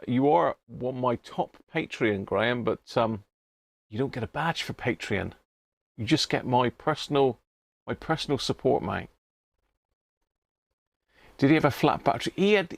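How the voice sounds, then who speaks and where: A man's voice: medium pitch, animated, moderate pace, gravelly, no room sound. A man hosting a casual livestream, chatting with viewers by name and stumbling over unfamiliar words. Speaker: livestream host. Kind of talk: casual live chat.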